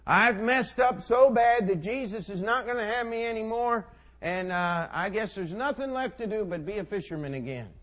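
Preacher voicing an eager, headstrong fisherman: pitched up high, loud and blurting. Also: animated, moderate pace. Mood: dejected. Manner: loud, high-pitched, emphatic acted quotes. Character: impulsive fisherman disciple, adult man, eager and rash. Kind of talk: preacher acting out a scripture figure.

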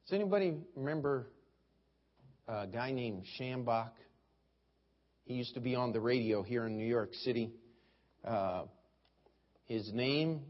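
Folksy preacher man, muffled recording. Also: mid-range voice. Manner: folksy storytelling preacher, mimics others in quotes. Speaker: pastor. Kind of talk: sermon. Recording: dull lo-fi sermon recording.

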